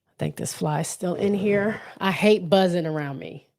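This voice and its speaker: A woman's voice: on the low side, normal speed, gravelly, darkish tone. A woman hosting a solo podcast, chatting casually and thinking aloud with frequent restarts. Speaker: podcast host.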